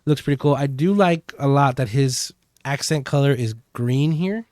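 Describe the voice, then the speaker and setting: A man's voice: medium pitch, normal speed, darkish tone, dry recording, clean studio sound. Man casually recapping a show. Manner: rambling, many fillers. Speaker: podcast co-host. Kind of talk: casual chat recapping a TV episode.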